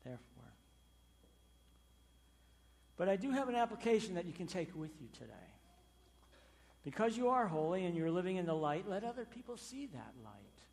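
A man preaching a sermon as pastor, emphatic, with loud stressed phrases and sudden quiet drops. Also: sits high, very animated, moderate pace, creaky, pauses often, big-room sound.

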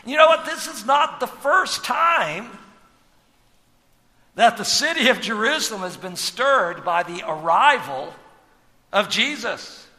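A pastor with a strikingly high, bright and forceful voice preaches in a church, leaning on rhetorical questions and sudden swells of loudness. His words ring out with a long hall reverb behind them. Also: lively intonation, unhurried. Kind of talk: sermon.

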